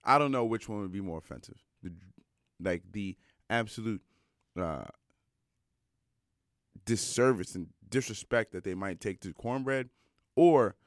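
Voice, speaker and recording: A young adult man telling a personal story in a casual monologue, animated and emphatic, with many fillers. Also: on the low side, no echo, clean studio sound.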